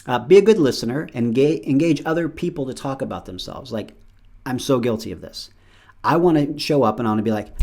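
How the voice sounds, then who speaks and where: A man's voice: medium pitch, fairly quick, vocal fry, darkish tone. A middle-aged man hosting his show, talking casually and alone, acting out bits of dialogue with playful voices. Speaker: show host. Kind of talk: casual solo monologue.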